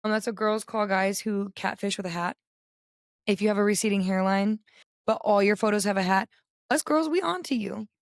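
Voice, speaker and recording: A young woman with a raspy voice co-hosting a podcast, chatting candidly and telling stories with animation. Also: medium pitch, little pitch movement, brisk, no room sound, clean studio sound. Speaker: podcast co-host. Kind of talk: casual chat.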